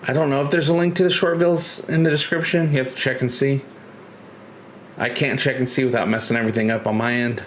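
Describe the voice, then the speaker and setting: Brief: male stream host, middle pitch, rambly chat, faint hiss behind. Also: steady tone, fast talker. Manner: rambling, many restarts, chatty and joking. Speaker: livestream host. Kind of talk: casual live-stream chat.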